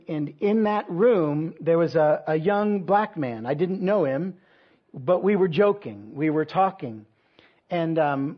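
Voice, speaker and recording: Husky-voiced pastor telling a story. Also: male voice, fairly high pitch, highs cut off. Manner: conversational, self-deprecating storytelling with many fillers. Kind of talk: sermon with personal story.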